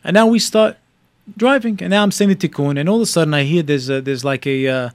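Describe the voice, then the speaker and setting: A middle-aged man telling a story in casual talk, halting with many fillers and restarts and getting animated at the exciting parts. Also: on the high side, dry recording.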